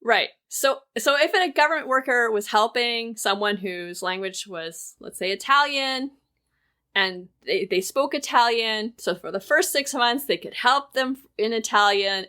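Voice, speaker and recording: A woman's voice: fairly high pitch, expressive, measured pace, bright, forceful tone. A woman, co-hosting a podcast in casual chat, explaining at length with plenty of fillers. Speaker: podcast co-host.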